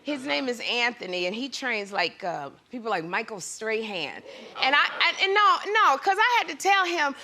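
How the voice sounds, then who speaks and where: High-voiced woman telling a comic story. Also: moderate pace. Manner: animated, exaggerated storytelling with acted-out quotes. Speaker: guest talk show host. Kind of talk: comedic talk show storytelling. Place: TV studio with live audience.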